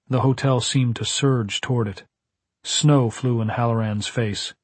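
A man narrating an audiobook in a measured, dramatic storytelling manner. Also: mid-range voice, fairly even intonation, breathy edge, dry recording. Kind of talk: scripted narration.

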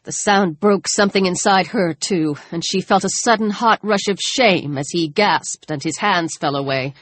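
A woman narrating an audiobook in a steady, measured storytelling manner. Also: on the low side, dry recording. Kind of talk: scripted narration.

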